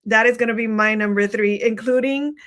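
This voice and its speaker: A chatty woman hosting a relaxed live chat, her voice sitting on the higher side. She laughs easily and talks to viewers in a loose, friendly way. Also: brisk. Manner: giggly, chatty, self-conscious. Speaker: host. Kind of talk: casual livestream talk.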